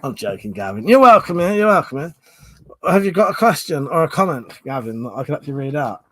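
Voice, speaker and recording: Reading viewer comments aloud, this live stream host rambles through a casual chat in a voice a little high for a man, fast, sing-song and fairly bright. His talk is loose and sweary, broken up by laughs and yawns, and he sounds slightly out of breath.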